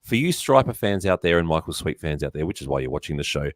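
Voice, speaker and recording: A man's voice: extremely low pitch, sing-song, fast, dry recording, studio quality. An Australian man hosting a casual live-stream chat, talkative and often laughing. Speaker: host.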